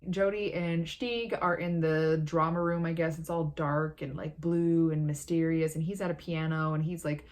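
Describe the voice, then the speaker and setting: Young woman, vlogger, lower voice, sarcastic, profane, rambling movie recap. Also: fairly even intonation, moderate pace, few pauses, a little mellow.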